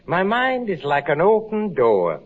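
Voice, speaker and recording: An actor playing a creepy, soft-spoken sanitarium doctor in 1940s radio comedy, sinister and insinuating. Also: male voice, high voice, wildly swooping pitch, measured pace, exaggerated voice. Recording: dull old radio recording.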